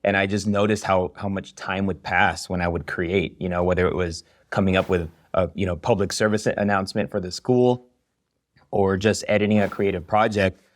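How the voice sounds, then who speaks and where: A man's voice: low-pitched, moderate pace, no room sound. A man in his thirties, a podcast guest who teaches video, telling his story energetically with lots of "you know". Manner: energetic, storytelling, many fillers. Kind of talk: casual interview chat.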